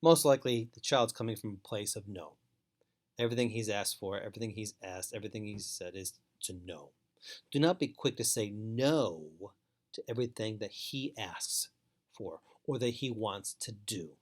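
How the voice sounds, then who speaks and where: A man giving an instructional talk to foster parents, speaking in a measured, emphatic way and repeating key points. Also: fairly low pitch. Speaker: foster care trainer.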